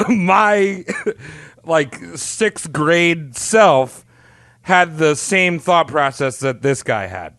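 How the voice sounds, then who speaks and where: A man's voice: fairly high pitch, lively intonation, extremely slow, fairly bright tone, dry recording, studio quality. A man co-hosting a comedy podcast, bantering in a crude, joking way. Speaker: podcast co-host. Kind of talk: casual comedic podcast chat.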